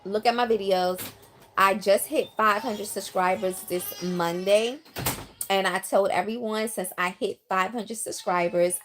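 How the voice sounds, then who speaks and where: A lowish, fairly bright voice belongs to an older woman from New York City who teaches line dance and streams live from her South Carolina home. In casual chat, she reads out comments from viewers, peppering them with ums, using a phone or handheld mic.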